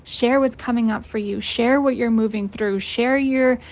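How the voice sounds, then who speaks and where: A young adult woman hosting a motivational coaching lesson, casual and energetic, swearing freely and laughing often. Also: a little high, moderate pace. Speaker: host and life coach.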